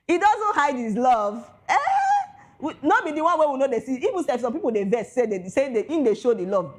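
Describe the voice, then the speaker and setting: This entertainment news host is a young Nigerian woman with a Nigerian accent, delivering casual celebrity gossip commentary. She's excitable, blends pidgin into her English, and her pitch and loudness swing widely.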